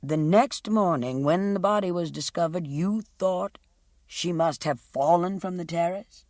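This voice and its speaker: A woman voicing a male prosecutor in an audiobook, asking formal, deliberate questions. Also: fairly low pitch, darkish tone, no echo, clean studio sound, natural voice. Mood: questioning. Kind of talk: audiobook character reading.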